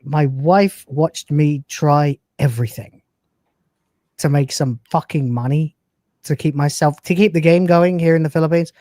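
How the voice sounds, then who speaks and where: A man's voice: a little high, measured pace, mellow, dry recording, studio quality. A man in his forties hosting a livestream, chatting casually in a profane, joking way and telling stories. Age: 40s. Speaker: host.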